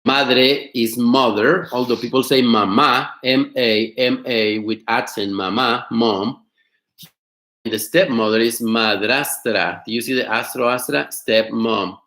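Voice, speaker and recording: A man teaching an online class, explaining words slowly, repeating them and asking his students questions. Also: medium pitch, fairly even intonation, a bit bright, roomy sound. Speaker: Spanish teacher. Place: home studio.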